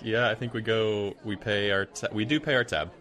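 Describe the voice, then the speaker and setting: A man's voice: on the low side, fairly even intonation, moderate pace, fairly bright tone, soft background music. A man playing a tabletop game, joking in a wry, casual way. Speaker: player.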